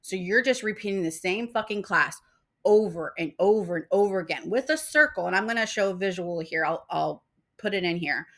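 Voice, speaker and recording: A young woman with a medium-pitched, expressive voice talks fairly quickly as she rants about spiritual ideas to camera. This spiritual vlogger gets heated, swears often and acts out other people's voices.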